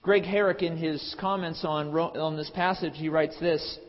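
A male pastor preaching a sermon. His voice builds to loud, emphatic peaks, then drops to quiet asides, with frequent restarts. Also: fairly high pitch, steady tone, normal speed. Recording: long hall reverb, dull lo-fi sound.

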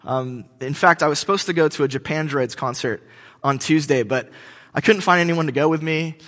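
A man's voice: fairly high pitch, fairly quick, a bit bright. A man in his thirties preaching a sermon in a church hall, telling jokes and stories, with many fillers and restarts. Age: 30s. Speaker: pastor. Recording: long hall reverb.

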